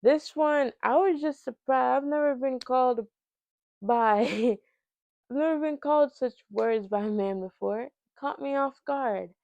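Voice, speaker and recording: A young woman telling a dating story in a casual vlog, sassy and animated as she acts out both sides of the conversation. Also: high voice, unhurried, vocal fry, no room sound, dull audio. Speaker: storytelling vlogger.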